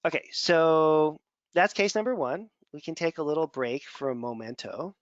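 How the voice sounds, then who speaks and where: Male instructor, mid-pitch, chatty digressive lecture, dry and muffled audio. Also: animated, moderate pace, no room sound. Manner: conversational, digressive, repeats words while thinking. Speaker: functional medicine instructor. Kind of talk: casual lecture over slides. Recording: dull, dry lo-fi sound.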